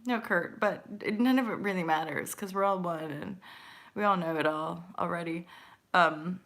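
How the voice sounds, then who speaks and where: A woman hosts a casual live stream and talks her viewers through a tarot reading. Her voice is bright and forward, and she rambles and chats, drops in the odd swear word, and laughs easily. The sound comes through a webcam mic. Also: lowish voice, normal speed. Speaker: host doing live intuitive tarot readings.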